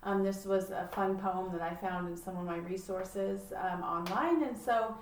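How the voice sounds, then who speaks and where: A woman leading a poetry lesson for children, talking in a slow, encouraging way with frequent fillers. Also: mid-range voice, a little hiss or hum. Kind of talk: patient lesson for children, reading a poem aloud. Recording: echoey room, distant mic.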